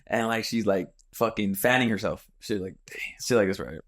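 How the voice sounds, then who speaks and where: Man, young adult, podcast host, lowish voice, casual storytelling, swears, acts out quotes. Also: normal speed, a bit bright.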